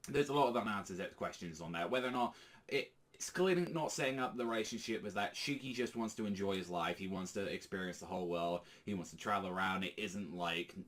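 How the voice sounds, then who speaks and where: A man's voice: deep voice, a little fast, fairly bright tone. A man giving a casual, rambling manga reaction, full of fillers and swearing. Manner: rambling, filler-heavy, profane. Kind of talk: casual chat.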